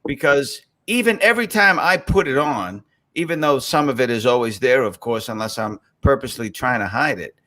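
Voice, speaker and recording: A man's voice: medium pitch, normal speed. A man from South Boston with a Boston accent, a guest chatting casually and telling stories. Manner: animated storyteller, slips into other voices. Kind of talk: casual chat.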